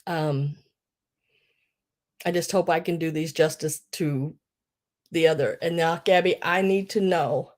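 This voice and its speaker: A woman hosting a live online sale, tearful and crying as she talks, emotional and grateful, halting between her words. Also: low-pitched, fairly even intonation, a little mellow. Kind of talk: live-streamed auction chat.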